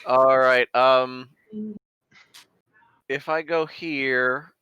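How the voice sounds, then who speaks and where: A man's voice: mid-range voice, steady tone, extremely slow, clean tone, lo-fi sound. A man playing a tabletop game, chatting in a playful, bouncy way with silly sound effects. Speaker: player. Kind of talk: casual tabletop game chat.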